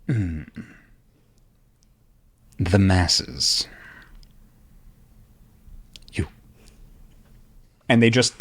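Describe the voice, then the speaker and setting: A man running a tabletop role-playing game as game master, narrating in a loose, animated, laughing way. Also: lowish voice.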